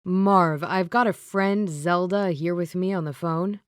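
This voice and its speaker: Woman doing polite young man, low, dry close audiobook sound. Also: measured pace, smooth, no room sound, lightly acted. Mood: earnest.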